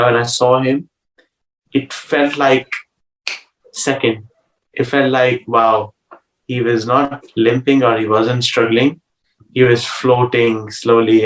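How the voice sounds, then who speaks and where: A man telling a personal spiritual story as an interview guest, earnest and hesitant, with many pauses and restarts. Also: mid-range voice. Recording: roomy sound from a distant mic.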